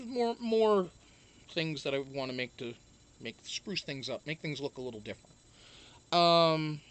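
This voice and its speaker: A man's voice: medium pitch, pushed and bright. A man hosting a live-stream show, chatting casually, rambling and swearing as he greets viewers by name.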